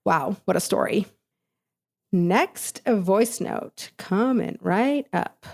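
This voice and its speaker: A woman's voice: medium pitch, lively intonation, slow pace, gravelly. A woman hosting a podcast, responding effusively to listener messages with many fillers. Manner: warm-hearted and effusive, lots of filler words. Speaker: podcast host. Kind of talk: podcast commentary.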